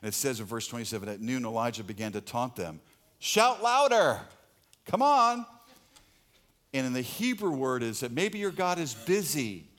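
A middle-aged man preaching a sermon as pastor, swinging between loud emphasis and hushed asides. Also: medium pitch, expressive, brisk, few pauses.

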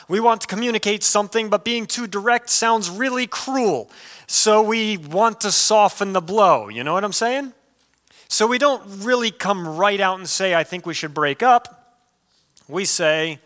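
Guy preaching, talks to the crowd like a chat, bright forceful tone. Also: high voice. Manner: conversational, lively preaching with audience asides. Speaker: pastor. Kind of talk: sermon.

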